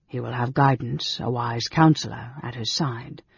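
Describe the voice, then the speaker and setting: A man's voice: steady tone, moderate pace, gravelly, husky, dry recording. A man voicing a sly, sarcastic elf senator. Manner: low, quiet, sarcastic. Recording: dull, dry lo-fi recording.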